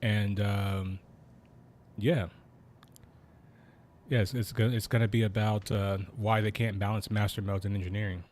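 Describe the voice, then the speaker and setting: Laid-back, low-voiced male streamer. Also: level tone, darkish tone, a little hiss or hum. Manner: slow, laid-back talker; keeps voice down. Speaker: game streamer. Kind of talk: casual live-stream chat.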